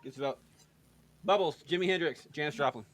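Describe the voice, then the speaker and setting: Running through bracket picks on his casual podcast, a host with a fairly high, slightly bright voice speaks fairly quickly. He cracks jokes and trips over his words, often repeating them.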